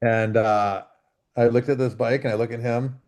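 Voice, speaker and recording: A middle-aged man from Canada, a freeride mountain biker telling lively stories as a podcast guest over a video call and acting out the dialogue. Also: medium pitch, moderate pace. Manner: animated storyteller, acts out quoted dialogue. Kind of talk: casual storytelling interview.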